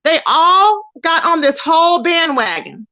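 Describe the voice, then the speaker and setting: Lively high-voiced woman livestreaming. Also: unhurried, highs cut off. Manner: animated, expressive storytelling with loud exclamations and laughter. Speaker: livestream host. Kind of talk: casual livestream commentary.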